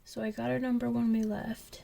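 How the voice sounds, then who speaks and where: A young woman and coloring channel host chatting casually as she tells a story, slipping into whispers when excited. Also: on the high side, normal speed, gravelly. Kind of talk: casual chat while coloring.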